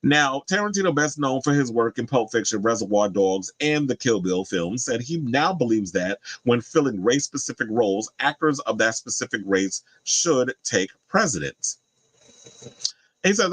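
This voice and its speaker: A man's voice: medium pitch, very animated, moderate pace, a bit bright, dry recording, poor audio. A man giving casual pop culture commentary in a blunt, profane, opinionated way.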